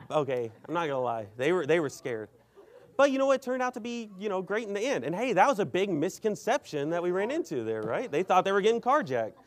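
A man preaching a sermon and telling a story, rambling and filling his speech with "you know". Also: on the high side.

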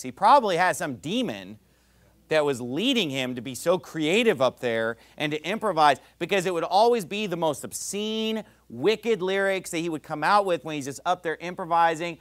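A man's voice: high-pitched, fairly bright tone. A middle-aged man preaching a sermon, reading scripture and driving his points home with rising emphasis.

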